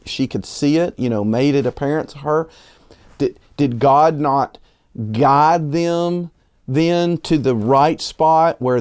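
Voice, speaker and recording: Man preaching in a conversational sermon. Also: mellow. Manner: conversational preaching with frequent restarts and rhetorical questions; slows and rises in pitch for emphasis. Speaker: pastor.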